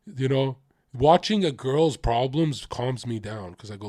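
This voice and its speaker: A man's voice: medium pitch, normal speed, a little mellow, no echo. Blunt young man on a dry stream mic. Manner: confessional, blunt, swears freely. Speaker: livestreamer. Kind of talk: casual livestream rant.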